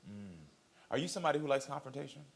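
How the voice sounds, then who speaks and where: A man hosting a daytime talk show, offering short affirmations and gentle probing questions. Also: medium pitch, animated, racing, creaky.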